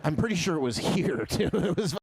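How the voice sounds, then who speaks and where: A man doing crowd-work stand-up comedy, loose and profane, laughing often and swinging his pitch up and down. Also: very animated, brisk, creaky, a little mellow, husky, dry recording.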